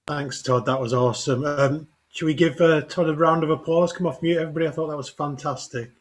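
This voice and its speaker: A man's voice: a little high, steady tone, fairly quick. A man hosting an online meetup over a video call, thanking and praising the speaker with enthusiasm. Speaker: meetup host. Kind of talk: casual chat.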